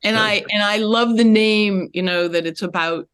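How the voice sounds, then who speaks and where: A woman's voice: mid-range voice, clear, resonant tone. Chatty older woman on a panel. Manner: chatty and expressive, quick laughs. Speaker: rabbi emerita panelist. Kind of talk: panel discussion.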